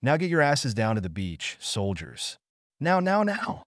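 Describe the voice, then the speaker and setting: A man's voice: medium pitch, lively intonation, normal speed, darkish tone, no echo, clean studio sound, natural voice. A man voicing a male drill-sergeant camp cook who roars orders at campers. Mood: barking. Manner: roaring orders.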